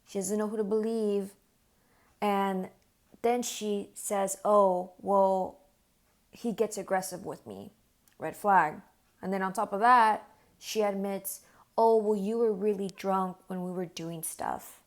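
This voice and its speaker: A young woman speaking to her viewers in an earnest, shaken storytime. Her voice sits in an ordinary middle range, and her talk is loose and full of "like" fillers. When she quotes herself, she drops to a hushed, quieter tone. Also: mid-range voice, fairly even intonation, slow. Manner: earnest, distressed retelling with frequent "like" fillers. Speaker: vlogger. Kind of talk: personal storytime monologue to camera.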